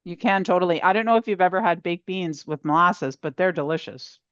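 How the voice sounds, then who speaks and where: A woman with a Canadian accent walks viewers through a baking recipe in an easy, friendly way. Her voice is fairly low. The stream audio is dry and a little dull. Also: brisk, dry recording. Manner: relaxed, friendly explaining, eats while talking. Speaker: home economist presenter. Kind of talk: casual cooking demonstration.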